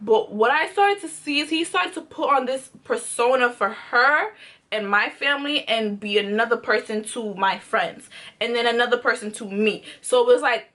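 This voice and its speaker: A woman's voice: fairly high pitch, normal speed, fairly bright tone. A woman telling a storytime vlog, emphatic and sassy, repeating her points. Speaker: vlogger. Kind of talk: storytime chat.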